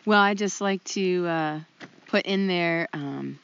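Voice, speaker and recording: A woman's voice: lowish voice, takes it slowly, fairly bright tone, clear, resonant tone, highs cut off. A woman co-hosting a podcast, chatting casually with wry jokes, hesitant fillers and frequent laughter. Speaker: podcast co-host.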